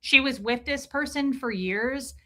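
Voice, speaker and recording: Bright-voiced woman streaming live commentary. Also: sits high, measured pace. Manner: emphatic, repeats herself, breaks off to greet viewers. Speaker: livestream host reading chat. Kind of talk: casual livestream commentary.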